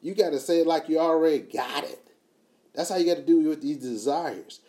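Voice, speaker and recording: A man giving a motivational talk, emphatic and repetitive, swinging from quiet to loud. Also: fairly high pitch, brisk. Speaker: motivational speaker.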